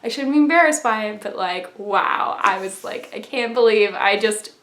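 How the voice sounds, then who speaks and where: A woman's voice: mid-range voice, normal speed, a bit bright. A young woman rambling through a casual confessional vlog, full of "like"s and laughter. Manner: chatty, rambling, with many "like"s and laughs. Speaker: vlogger. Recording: echoey room.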